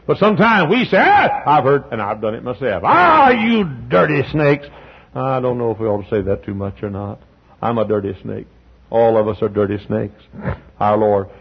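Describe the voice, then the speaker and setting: Male pastor, gravelly, impassioned sermon delivery, muffled lo-fi church recording. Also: mid-range voice. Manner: impassioned preaching, swings from soft to loud, sings hymn lines. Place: church sanctuary.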